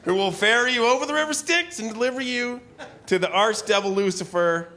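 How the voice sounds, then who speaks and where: An actor playing a pompous, eccentric gentleman who bombastically declaims a furious period letter at a live theater reading, tossing in asides. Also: high-pitched, brisk, background noise, natural voice. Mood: blustering. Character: blustering pompous eccentric gentleman, man, middle-aged. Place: live performance hall with audience.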